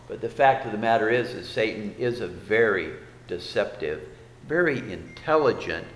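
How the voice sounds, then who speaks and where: A man's voice: medium pitch, a bit bright, roomy sound, in a large hall. A man preaching a sermon as pastor, folksy, with rhetorical questions and repeated phrases.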